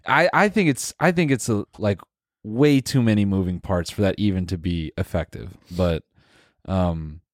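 A man with a very low voice chatting on a podcast, laid-back and loose. He fills his speech with "like" and "you know". The recording is close and dry. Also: moderate pace, dry recording. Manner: laid-back, uses filler words, says bro and dude. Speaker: podcast co-host. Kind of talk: casual podcast chat.

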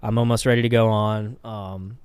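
A man's voice: fairly low pitch, level tone, normal speed, a little mellow, smooth, dry recording. A young man guesting on an interview, telling stories in a rambling, candid way full of fillers. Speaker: musician guest. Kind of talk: casual interview storytelling.

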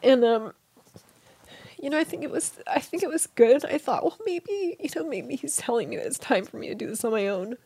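A middle-aged woman telling a personal story in a soft, halting way, sometimes falling to a whisper. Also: sits high, lively intonation, vocal fry, husky. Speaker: interview guest.

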